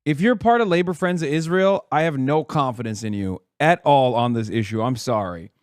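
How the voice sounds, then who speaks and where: A man's voice: medium pitch, normal speed, no room sound, clean studio sound. Sarcastic man doing stream commentary. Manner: animated, sarcastic, exasperated asides; reads quotes aloud in a put-on accent. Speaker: political commentator.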